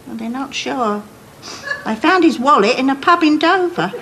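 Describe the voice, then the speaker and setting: An actress playing an older war widow, blunt and deadpan, delivering everything matter-of-factly in a sitcom. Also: female voice, sits high, normal speed, noisy background. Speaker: patient's visiting mother. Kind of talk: 1990s TV sitcom acting.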